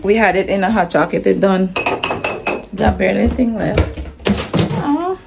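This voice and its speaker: A woman with a Caribbean accent chatting casually in a family vlog at home, animated and loud when calling her children. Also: mid-range voice, a little fast, creaky, noisy background. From Caribbean, born in Jamaica, raised in Anguilla. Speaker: family vlogger, mother.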